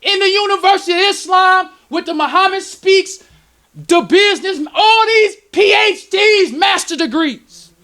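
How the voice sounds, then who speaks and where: Preaching to his congregation in a temple lecture hall, a male minister speaks a little slowly in a very high, piercing voice. His lecture is strongly emotional with sudden shouts, and his tone remains sharp and forceful throughout.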